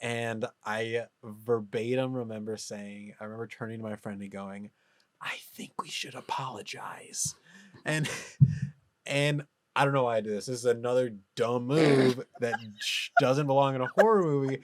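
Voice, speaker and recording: A man co-hosting a podcast tells a story in loose, animated casual chat, laughing as he goes. His voice sits at an ordinary male pitch. It is recorded close and dry, with no room sound. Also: normal speed, no room sound. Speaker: podcast co-host.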